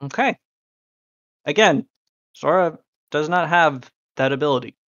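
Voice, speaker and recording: A game master narrating a tabletop game in an earnest, deliberate way. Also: mid-range voice, fairly bright tone, no room sound, dull audio.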